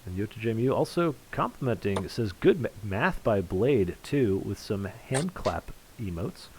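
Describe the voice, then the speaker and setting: A man's voice: fairly low pitch, big pitch swings, measured pace, heavy background noise. A man commentating live on an online darts match, calling scores and reading out viewer chat in a conversational way. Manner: voice rises sharply on big finishes.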